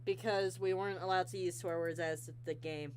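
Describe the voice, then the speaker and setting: A woman's voice: fairly low pitch, fairly even intonation, normal speed, a little hiss or hum. A woman hosting a casual interview show, rambling and giggly, teasing herself as she talks.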